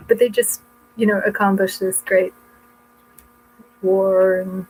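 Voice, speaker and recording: Woman rambling about her books at home, mid-pitch, chatty, faint hum behind. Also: steady tone, unhurried, pauses often, darkish tone, poor audio. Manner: rambling, chatty, self-interrupting. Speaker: vlogger. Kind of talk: casual chat showing books.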